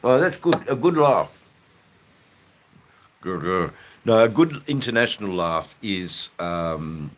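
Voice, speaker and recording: Very deep-voiced, slow Australian man. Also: fairly bright tone. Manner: rambling, chatty, swears casually. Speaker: live streamer. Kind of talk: casual live-stream chat.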